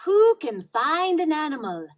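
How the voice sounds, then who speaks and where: A woman's voice: high voice, sing-song, unhurried. A woman playing a kind, patient preschool teacher who explains things encouragingly in a storybook read-along.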